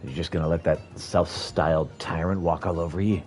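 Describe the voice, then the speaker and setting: A man's voice: low-pitched, steady tone, fairly quick, darkish tone, soft background music, lightly acted. A man voicing a brash, blunt warrior woman in a game, scolding in folksy slang. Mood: scornful.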